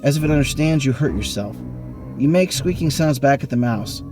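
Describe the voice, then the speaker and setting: Man hosting an online read-along game, average pitch, animated reading, faint music behind, suits a spooky kids' adventure. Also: fairly quick. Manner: animated reading, bursts of speed and pitch jumps. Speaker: game host reading the book. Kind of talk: reading a choose-your-own-adventure book aloud. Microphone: online voice call.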